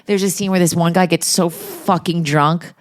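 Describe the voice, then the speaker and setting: A woman's voice: on the low side, moderate pace. A middle-aged woman co-hosting a podcast, telling gossipy, profane stories in casual chat. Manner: gossipy, profane, animated storytelling. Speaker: podcast co-host.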